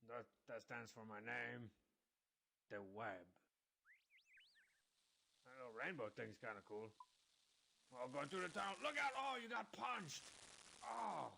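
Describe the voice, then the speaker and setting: A man's voice: medium pitch, sharp tone, slight background noise, heavily acted. A man voicing a cocky, sarcastic masked cartoon wrestler who hands out boastful advice. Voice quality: gravelly.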